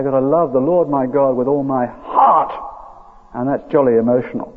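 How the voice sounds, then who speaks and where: Older preacher on tinny radio. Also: male voice, mid-range voice. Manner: earnest, emphatic, rising with feeling, drawn-out stresses. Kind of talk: sermon. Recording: phone-like old radio broadcast with long reverb.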